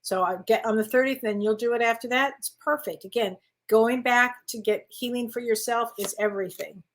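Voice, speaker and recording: Chatty, affectionate woman medium, higher voice. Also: fairly quick. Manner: chatty, affectionate, calls listeners honey. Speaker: spiritual medium giving card readings. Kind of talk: casual livestream chat.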